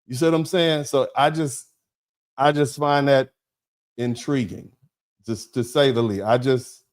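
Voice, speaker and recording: A man's voice: mid-range voice, steady tone, measured pace. Rambling, emphatic man hosting a livestream. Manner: rambling and emphatic, with repeated words and restarts; folksy, calls listeners baby and bro. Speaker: host reading viewer chat. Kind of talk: livestream chat, thanking donors.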